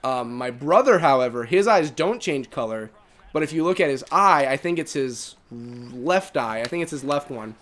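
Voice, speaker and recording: A man's voice: mid-range voice, animated, normal speed, fairly bright tone. A young man chatting casually while streaming a game, rambling with many fillers. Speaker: gaming co-host. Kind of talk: casual chat while gaming.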